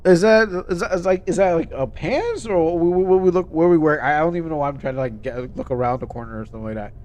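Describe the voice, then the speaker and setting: A man's voice: fairly high pitch, quick pace, a little mellow. A young man streaming a game, chatting casually and reading game text aloud, often stumbling and restarting words.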